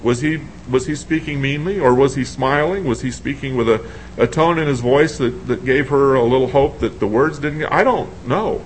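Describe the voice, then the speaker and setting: A man's voice: mid-range voice, a little hiss or hum, low-quality recording. A man preaching a sermon in a conversational way, asking his congregation questions and thinking aloud as he reads scripture.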